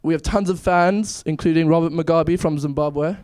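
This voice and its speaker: A man's voice: a little high, normal speed, darkish tone, clean tone, no echo. A young man in his twenties from South Africa, doing a nervous, self-deprecating stand-up comedy set. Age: 20s. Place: comedy club stage.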